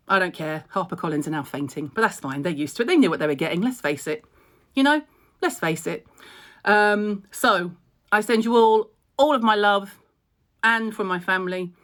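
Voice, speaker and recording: A woman's voice: fairly low pitch, normal speed, fairly bright tone. A middle-aged woman, a skincare blogger, speaking blunt and emotional to camera in a vlog update, tearful and swearing freely.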